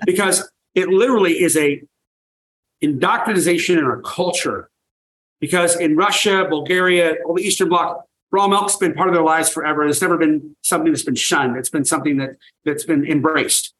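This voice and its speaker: Older man, eager and fairly high-voiced. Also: normal speed, fairly bright tone, a little hiss or hum, rough recording. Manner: enthusiastic storyteller, emphatic repetitions. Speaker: guest, raw milk farmer. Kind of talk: energetic interview talk.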